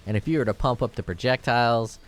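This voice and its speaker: A man's voice: mid-range voice, fast talker. A man giving casual gameplay commentary, thinking aloud as he plays and rambling into jokes with the odd curse. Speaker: gameplay video creator.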